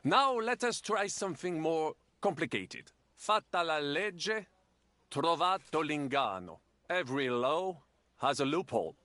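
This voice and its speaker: Fussy language teacher, slightly high, lively sing-song lines, precise and kinda exasperated, game character. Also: male voice, measured pace, no room sound, full character voice. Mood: patient, exacting. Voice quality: precise, exasperated tutoring manner. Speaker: language tutor. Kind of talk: game voice acting.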